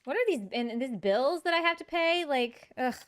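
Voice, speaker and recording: Chatting with viewers during a game stream, a woman with a high-pitched voice speaks at a moderate pace with lively intonation. She's chatty and self-mocking and laughs a lot.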